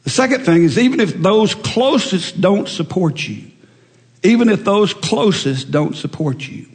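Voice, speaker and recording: A middle-aged male preacher giving a folksy, animated sermon full of stories. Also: sits high, measured pace, big-room sound.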